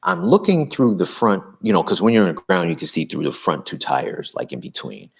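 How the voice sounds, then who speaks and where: A man recounting a personal story as an interview guest, animated and acting out quotes. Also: sits low, a little fast, vocal fry.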